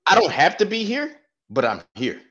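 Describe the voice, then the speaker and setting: Animated, profane male storyteller. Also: sits high, normal speed, breathy edge. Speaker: podcast co-host, former staff sergeant. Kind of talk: casual storytelling chat. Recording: dull lo-fi sound.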